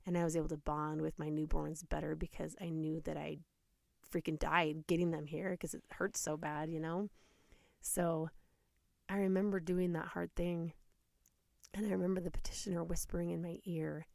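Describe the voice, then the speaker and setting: A woman's voice: lowish voice, flat delivery, normal speed, vocal fry, darkish tone, no echo, clean studio sound. A woman in her thirties hosting a podcast, talking earnestly and emotionally about hard times, sometimes dropping to a near whisper. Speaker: podcast host. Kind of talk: personal reflective monologue.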